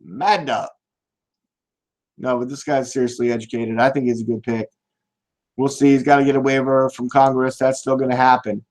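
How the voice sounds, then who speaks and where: A man's voice: medium pitch, little pitch movement, normal speed, pauses often. Ranting, profane man hosting a podcast. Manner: swearing, ranting, jumps to loud shouts. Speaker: host of a political podcast. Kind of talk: live podcast rant.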